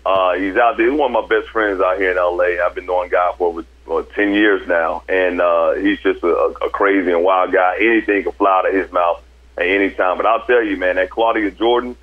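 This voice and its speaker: A man's voice: deep voice, fairly even intonation, brisk, phone-quality sound. A male sports broadcaster, a guest on a talk show, joking and laughing often as he talks about his many jobs. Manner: jokey, laughs often, talks up his busy work life. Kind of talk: casual chat.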